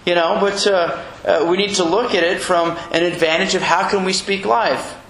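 A man preaching a sermon in a church, animated and chuckling as he acts out little quotes. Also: high-pitched, moderate pace, creaky. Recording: echoey room with faint noise.

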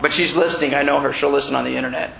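A man's voice: mid-range voice, fairly even intonation, racing, creaky, a bit bright. A man preaching as the rabbi of a Messianic congregation, conversational and joking, acting out little exchanges with his listeners. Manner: conversational preaching with jokes, asides and acted quotes. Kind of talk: sermon. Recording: echoey room with faint noise.

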